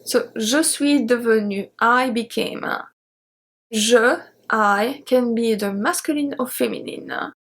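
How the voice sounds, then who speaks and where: A woman gives an online grammar lesson in English. Her voice sits a little high, and she says each verb slowly and repeats it before moving on. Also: fairly bright tone. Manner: slow, careful spelling-out of verb forms. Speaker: French teacher.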